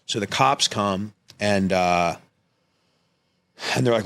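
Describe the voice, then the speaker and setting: A man with a very low voice chats as a podcast guest. He rambles through a personal story in a casual, animated way and swears freely. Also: slow pace, creaky, clear, resonant tone.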